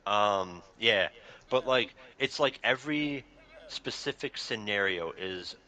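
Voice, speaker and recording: A man hosting a casual talk show, rambling through an animated retelling with lots of fillers. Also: lowish voice, slow pace. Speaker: podcast host. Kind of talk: casual chat. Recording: dull lo-fi sound.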